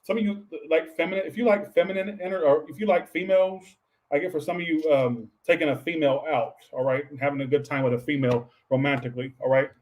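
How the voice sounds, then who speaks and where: A man's voice: on the high side, fairly even intonation, fast talker, darkish tone, low-quality recording. A man giving a casual livestream tarot reading. He rambles and swears offhand, says he is tired, and keeps adding "all right". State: tired, low on energy. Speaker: tarot reader.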